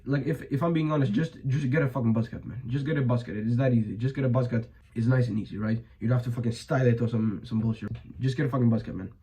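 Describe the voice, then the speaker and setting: A man's voice: mid-range voice, fairly even intonation, fast talker, few pauses, dark tone, rough recording. A young man giving blunt, profane advice in a casual monologue, full of fillers and restarts, his voice a bit strained. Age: young adult. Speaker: vlogger.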